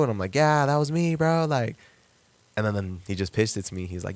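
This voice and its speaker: A young man telling a story on a podcast, lively, leaping up in pitch when he acts out quotes. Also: a little fast, dry recording. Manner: animated, jumps pitch to act out quotes. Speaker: podcast guest, rapper. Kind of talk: casual storytelling.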